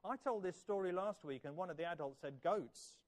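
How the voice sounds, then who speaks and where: A man's voice: sits high, a little fast. A man in his fifties telling a children's story in church, asking the kids questions and praising their answers. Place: church hall.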